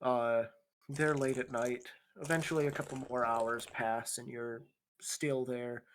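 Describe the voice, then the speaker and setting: A woman's voice: rumbling low, steady tone, a little slow, slight background noise. A woman narrating as game master in a casual tabletop session, with fillers and frequent laughs.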